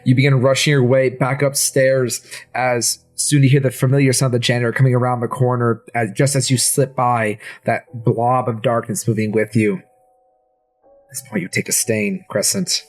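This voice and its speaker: A man's voice: mid-range voice, little pitch movement, normal speed, soft background music. Man narrating as game master. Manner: descriptive, dramatic narration.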